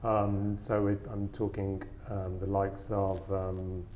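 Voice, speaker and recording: Low-voiced man with a faint Birmingham accent. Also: completely flat delivery, slow, mellow, slight background noise. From English Midlands, south Birmingham. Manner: hesitant, many ums, dry wit. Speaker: arms and armour dealer, guest. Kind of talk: casual interview chat. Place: his gallery exhibition in New York.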